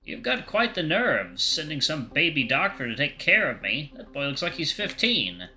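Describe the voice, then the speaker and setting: Man putting on a gravelly drunk old ewe. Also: a little high, very animated, moderate pace, voice pushed up, exaggerated voice. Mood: scornful. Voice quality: gravelly, sharp and forceful. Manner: curt and scornful. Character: gruff frail drunk old woman sheep.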